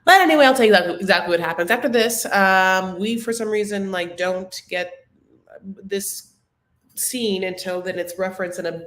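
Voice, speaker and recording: A woman's voice: mid-range voice, normal speed, a bit bright, echoey room. A young adult woman hosting a casual live recap chat, gossipy and rambling, heavy on filler words. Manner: chatty, gossipy, lots of "like" fillers. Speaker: show recap host.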